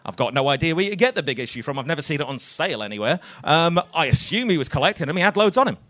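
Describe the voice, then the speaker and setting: Deadpan comic, slightly high voice. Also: male voice, racing. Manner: deadpan, swearing, self-deprecating storytelling. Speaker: stand-up comedian. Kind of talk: stand-up comedy routine. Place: comedy club stage.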